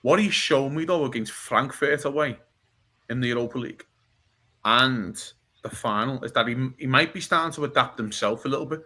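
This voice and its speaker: A man talking football on a podcast, blunt and animated, swearing and often asking "do you know what I mean". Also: mid-range voice, normal speed. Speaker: podcast co-host. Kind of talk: casual football chat.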